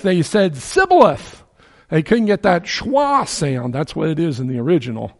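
A man's voice: on the high side, big pitch swings, moderate pace. An older man from New Jersey preaching a sermon in a conversational way, chuckling now and then and rising to emphatic peaks.

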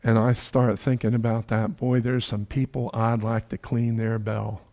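A man's voice: mid-range voice, level tone, normal speed, mellow. An older man from New Jersey preaching a sermon in a conversational way, chuckling now and then and rising to emphatic peaks.

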